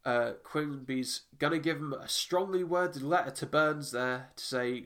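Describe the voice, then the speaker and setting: A man's voice: fairly high pitch, a little slow, fairly bright tone. Wry man recapping scenes. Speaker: podcast co-host. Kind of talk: casual chat.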